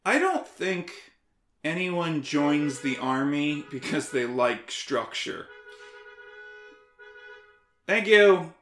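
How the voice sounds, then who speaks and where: A man talking as a guest in a casual conversation, animated, sarcastic and freely profane. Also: fairly high pitch, takes it slowly, soft background music. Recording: roomy echo.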